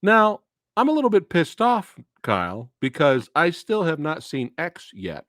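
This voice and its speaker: A man hosts a loose, casual movie review chat, swearing freely and breaking into laughter between rants. His pitch swings widely from low mutters to high exclamations. The sound is dry and close. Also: a little slow, no room sound. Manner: profane, excitable, laughs often, rants. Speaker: host of a movie review channel.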